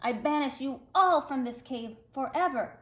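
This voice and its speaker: A woman's voice: sits high, lively intonation, normal speed, a bit bright, reverberant, voice pushed up. A woman reading aloud, voicing a boastful, furious male shark king in a storybook tale. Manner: raging, gloating.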